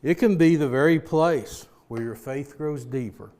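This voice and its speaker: A man's voice: a little high, unhurried, dark tone. A man giving a motivational devotional talk, retelling a story in an earnest, plain-spoken way. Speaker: speaker giving a weekly motivational message.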